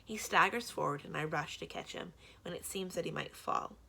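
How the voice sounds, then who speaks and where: Gravelly woman reading a children's book. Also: low voice, moderate pace. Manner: steady first-person storytelling. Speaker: children's librarian. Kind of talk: children's book read-aloud.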